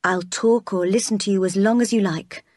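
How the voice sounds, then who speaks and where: A woman reading aloud as a quiet, earnest young governess in her own voice. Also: medium pitch, fairly even intonation, a little fast, no echo, studio quality, close to an everyday voice.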